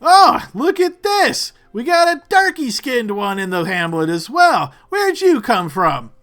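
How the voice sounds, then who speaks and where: A man barking as a loud, bullying armed guard. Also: very high voice, very animated, a little slow, pitched above the performer's own voice, full character voice. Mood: bullying shout. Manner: shouting, brash and contemptuous.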